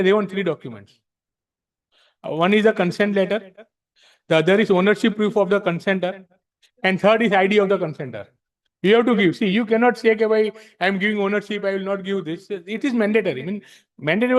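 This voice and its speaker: In a library meeting room, a man addresses a tax practitioners' study circle with a high voice at a quick pace. His accent is Indian English, and he switches between Hindi and English while explaining the rules in a frank, emphatic manner, often repeating himself.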